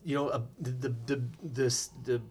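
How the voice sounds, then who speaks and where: A man co-hosting a casual podcast from a living room, an animated storyteller who mimics voices and uses many fillers. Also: medium pitch, moderate pace, a little hiss or hum. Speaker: podcast co-host.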